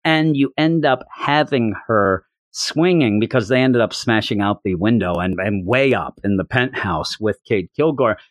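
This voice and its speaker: A man's voice: on the low side, a little slow, hardly any pauses, dry recording, studio quality. A middle-aged man casually and enthusiastically recapping a story, rambling, repeating words and acting out the dialogue. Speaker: comic book reviewer.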